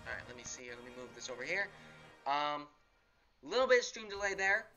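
A man's voice: fairly high pitch, very animated, fairly quick, music in the background. A man streaming a fighting game, chatting casually in a rambling, laid-back way full of fillers as he comments on matches. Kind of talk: casual live gameplay commentary.

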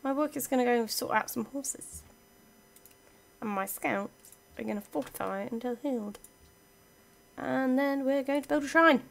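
A woman's voice: sits high, a little slow, gravelly, long pauses. Chatty woman narrating a strategy game. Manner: chatty, talks to her game units playfully. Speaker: gaming channel host. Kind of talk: casual let's-play commentary.

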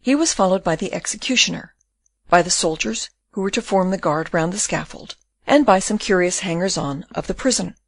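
Lady reading an old novel audiobook, steady and expressive, dry close mic. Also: on the low side, a little fast, dry recording. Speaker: audiobook narrator. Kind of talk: scripted narration of a classic novel.

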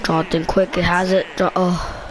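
A man giving excited commentary while playing a video game, trash-talking the players on screen. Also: high-pitched, moderate pace, slight background noise.

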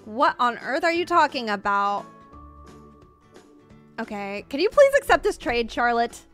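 A high-pitched woman in her late twenties talks through a live game stream, rambling and laughing nervously. She sounds flustered and uneasy, with faint music running underneath. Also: sing-song, unhurried, a bit bright. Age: 20s. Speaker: Roblox streamer. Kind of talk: live gameplay stream chat.

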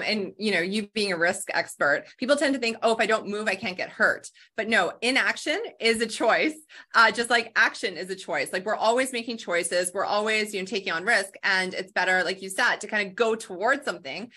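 A woman's voice: medium pitch, expressive, moderate pace, sharp tone. A woman hosting a casual interview, chatty and affirming. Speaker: podcast host.

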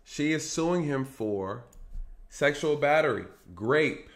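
A man hosting a casual commentary monologue, talking straight to his viewers, checking in with "right?" and "you guys", and swinging between loud, lively stretches and low, muttered asides. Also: takes it slowly. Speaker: commentary channel host.

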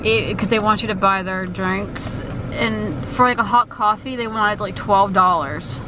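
A woman with a Southern US accent chats casually for her vlog, grumbling with dry humor. She talks from a moving car, and road noise sits clearly under her voice. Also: medium pitch, unhurried. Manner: chatty, grumbling, wry. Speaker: vlogger.

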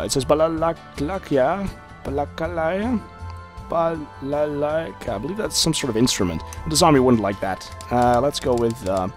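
Male let's-play host, lively ups and downs in pitch, joking and rambling with plenty of "uh"s, soft music underneath. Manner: rambling and jokey, with frequent filler hesitations. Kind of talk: casual gameplay commentary.

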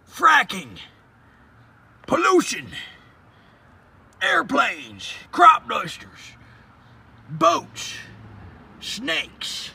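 A man's voice: high-pitched, vocal fry, pushed and bright, breathy edge. A man doing an absurd rambling comedy monologue, hollering and drawing out words between lots of fillers.

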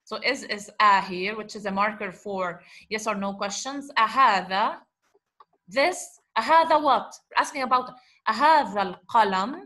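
A woman teaching a grammar lesson, explaining slowly, repeating examples and asking the class rhetorical questions. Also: medium pitch, sharp tone. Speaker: Arabic teacher.

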